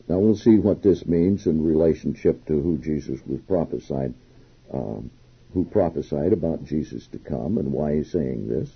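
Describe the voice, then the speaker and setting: A man's voice: fairly low pitch, highs cut off. A man preaching a sermon, reading scripture verses aloud and explaining them, lifting his voice emphatically on the quotes. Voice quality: very husky. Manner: reads scripture aloud then comments, rising emphatically on quotes. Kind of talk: sermon, Bible exposition.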